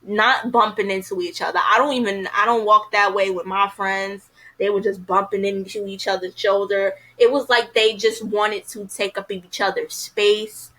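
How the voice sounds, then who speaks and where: Woman reviewer, casual and outspoken, bright tone, lots of fillers. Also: medium pitch, steady tone, normal speed, few pauses, low-quality recording. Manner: chatty, frank, heavy use of "you know" fillers. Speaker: TV episode reviewer.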